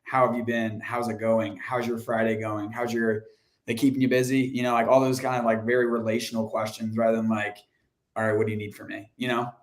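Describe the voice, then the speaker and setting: Relaxed man swapping sales stories. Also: medium pitch, a little fast. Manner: relaxed, conversational storytelling. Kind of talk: casual chat about cold calling.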